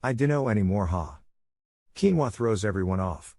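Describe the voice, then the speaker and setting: A man with a fairly low voice reads forum posts aloud. His delivery is plain, with playful lifts on quoted words. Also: animated, moderate pace, a little mellow, no room sound. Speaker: narrator reading online posts.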